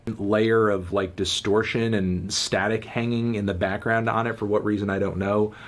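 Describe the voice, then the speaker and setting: A male music reviewer delivers a scripted critique in a measured, dry manner. His voice sits a little low. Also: flat delivery.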